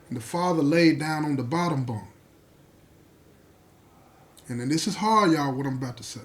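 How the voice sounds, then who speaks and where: A male storyteller recounts a dramatic tale in a spoken, conversational delivery. His voice sits somewhat high for a man. He leans into pauses and turns to address his listeners directly. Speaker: storyteller host.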